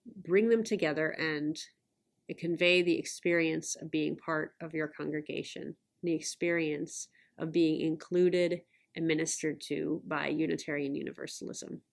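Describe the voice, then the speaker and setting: Woman, lecture presenter, lowish voice, measured and explanatory, slide talk. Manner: measured, explanatory, occasional self-corrections. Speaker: online course presenter. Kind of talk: recorded lecture over slides.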